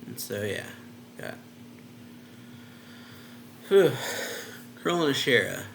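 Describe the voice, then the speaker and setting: A man's voice: medium pitch, very animated, takes it slowly, vocal fry, fairly bright tone, slight background noise. A man reviewing a manga chapter for his reaction channel, retelling the scenes in a loose, rambling way. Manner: loose and rambling, retelling scenes with many "and then, yeah" fillers. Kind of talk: casual recap of a manga chapter.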